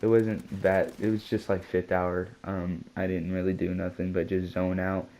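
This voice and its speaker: A man chats through a loose storytime vlog with a lowish, mellow voice. He rambles, restarts and drops slang and curse words as he goes. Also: monotone, moderate pace, rough recording. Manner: rambling and slangy, lots of "dude" and swearing. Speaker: vlogger. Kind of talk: casual storytime chat.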